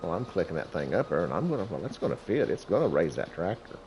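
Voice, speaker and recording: A man's voice: low voice, very animated, quick pace, darkish tone, slight background noise. A middle-aged man who hosts a gaming channel, telling a rambling story about himself over gameplay, folksy and chuckling often.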